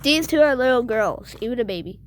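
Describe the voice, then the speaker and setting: A high-pitched female voice that jumps all over the scale as she acts out a home-made pretend-play scene. She talks in a giggly, melodramatic way and plays up the panic. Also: animated, a little fast, background noise.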